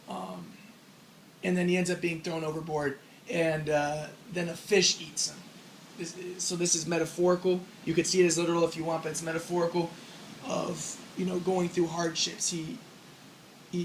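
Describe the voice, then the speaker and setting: A man's voice: on the high side, slight background noise, low-quality recording. A man giving a casual spoken lecture on religion, rambling as he explains and acting out the lines he quotes.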